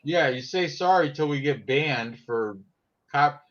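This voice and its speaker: A man's voice: on the high side, a little slow, a bit bright. A man chatting casually about sports picks in a brash, profane, joking way. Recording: dull lo-fi sound.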